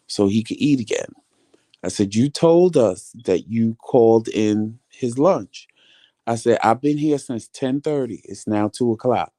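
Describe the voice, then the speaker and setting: A man's voice: fairly low pitch, unhurried, dark tone, dry recording. A man, vlogging and casually telling viewers a long story, acting out the conversations he had. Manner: retells conversations with many quoted lines.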